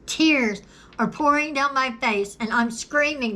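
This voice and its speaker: A woman telling her own story to her viewers in an earnest, deliberate way, repeating phrases for emphasis and coughing now and then. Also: high-pitched, bright, forceful tone. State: coughing at times. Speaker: video creator sharing a personal story. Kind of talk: personal testimony to camera.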